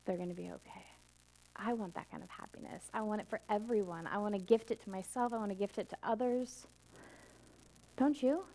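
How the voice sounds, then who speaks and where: A middle-aged woman minister giving a conversational sermon, moving from emphatic high points to soft, intimate asides. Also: brisk, slight background noise. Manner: conversational storytelling, swinging from emphatic highs to soft intimate lows.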